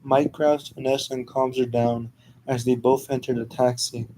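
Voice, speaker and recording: A man narrates a homemade fan story at a brisk, casual clip, stumbling and restarting now and then. His voice sits at an average middle pitch. A faint noise runs behind him. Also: level tone. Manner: quick, casual, unpolished reading with stumbles.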